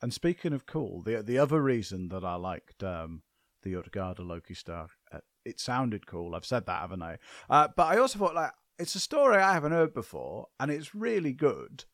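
A podcast co-host chats casually in a mid-range voice that is a bit bright and swings widely in pitch, at normal speed. He rambles, puts himself down, and restarts often, and the studio-quality recording has no room sound.

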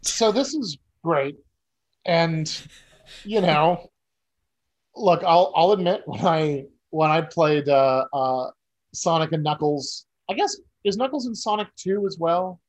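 A man co-hosting a podcast in loose, casual conversation. His voice sits a little higher than usual. He rambles and restarts his sentences, with a dry, wry humor. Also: slow pace, poor audio. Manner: rambling, self-interrupting, wry. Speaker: podcast co-host.

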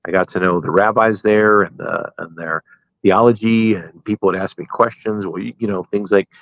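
A man's voice: on the low side, steady tone, moderate pace, creaky, a bit bright, dry recording, highs cut off. A middle-aged man, a pastor, telling stories from his life in a casual interview and laughing at his own jokes.

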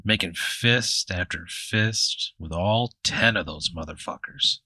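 A man with a low-set voice and a bright, forceful edge rambles through an improvised comic story. He swears freely and keeps restarting his sentences. The sound is dry and close. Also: takes it slowly, breathy edge, no room sound. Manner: rambling, profane, full of fillers and restarts. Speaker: comedy podcast host.

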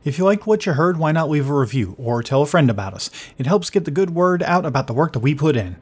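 A married man hosting a tabletop game podcast, reading the outro and then chatting with his players, laughing often and quick to apologize. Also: on the high side, lively intonation, darkish tone, breathy edge. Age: adult, married. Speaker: game master and show host.

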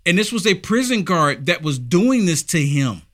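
A man's voice: sits high, sing-song, normal speed, no room sound, studio quality. A man hosting a political commentary show, emphatic, repeating himself and asking rhetorical questions. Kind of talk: opinionated commentary.

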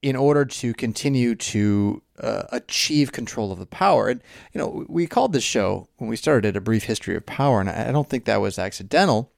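Gravelly man musing in halting speech. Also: medium pitch, animated, no room sound, clean studio sound. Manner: halting, searching speech with many restarts and fillers. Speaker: podcast co-host, pastor. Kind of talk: reflective discussion.

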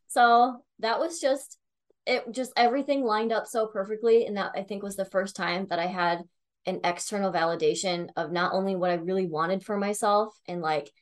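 A young woman telling a personal story in a casual, chatty way, full of "like" and "um", with the odd swear. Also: mid-range voice. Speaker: tarot reader.

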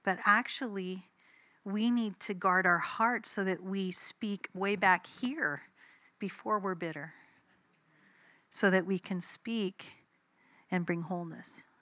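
A woman's voice: medium pitch, slow, pauses often, sharp tone, dry recording. A woman preacher giving a sermon in a conversational, emphatic way, telling personal stories and acting out the dialogue.

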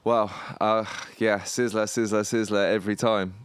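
Low-voiced easygoing male host. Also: little pitch movement, moderate pace, clear, resonant tone. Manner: easygoing, friendly questions, filler-heavy. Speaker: podcast host. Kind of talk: casual conversation.

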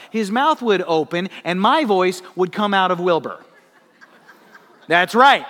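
High-voiced man preaching a sermon. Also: long reverb tail. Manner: animated storytelling with laughing asides. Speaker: pastor.

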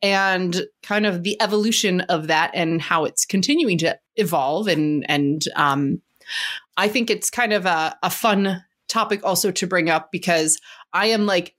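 A woman's voice: on the low side, unhurried, fairly bright tone. Chatty woman podcast host. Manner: laughs often, chatty and rambling. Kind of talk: casual chat.

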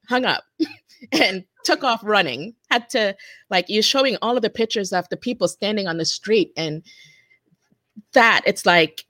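A woman in her forties, a guest telling a personal story in an earnest, halting way with many restarts. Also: mid-range voice, lively intonation, pushed and bright, no room sound, studio quality. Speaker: interview guest. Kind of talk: personal testimony in conversation.

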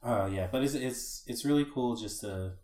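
A man's voice: mid-range voice, normal speed, a little mellow. A man co-hosting a casual chat, talking in an easygoing, hesitant way with many fillers. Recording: echoey room.

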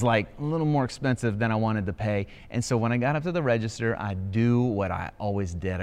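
A man preaching a sermon as pastor, telling stories with rising excitement. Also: mid-range voice. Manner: animated storytelling with rising excitement. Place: church auditorium.

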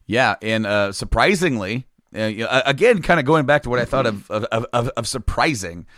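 A man's voice: medium pitch, lively intonation, a little fast, a bit bright, no room sound. Podcast host, male, chatty and meandering, dry recording. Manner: rambling, many restarts and fillers. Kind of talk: casual chat.

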